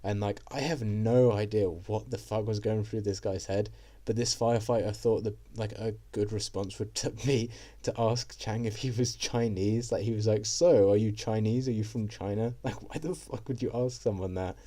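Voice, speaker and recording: A man's voice: fairly low pitch, fairly even intonation, moderate pace, mellow. A young man telling a casual story to camera, rambling with lots of fillers and swearing. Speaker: vlogger.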